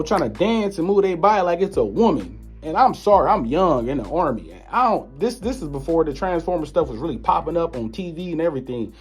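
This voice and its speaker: A man casually telling a story from his own life in an animated, disbelieving way. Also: on the high side. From United States. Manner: animated, incredulous retelling of an encounter. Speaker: vlogger.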